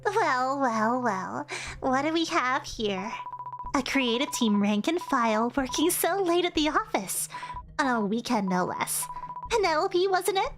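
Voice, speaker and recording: A woman's voice: sits high, sing-song, unhurried, music in the background. Woman putting on a smug villainous lady boss. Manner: smug, purring yandere-style menace. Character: scheming female corporate boss villain. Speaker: streamer voicing game characters.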